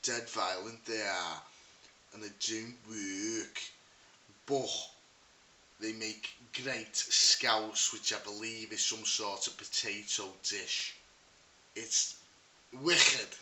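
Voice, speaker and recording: A Scottish man talks through a casual comic monologue, wry and teasing, slow and rambling. His voice sits a little low yet sounds bright and forceful. It is caught from some distance in a roomy space, with a faint hiss behind it. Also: steady tone. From Scotland. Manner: mocking, wry, rambling with fillers. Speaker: vlogger.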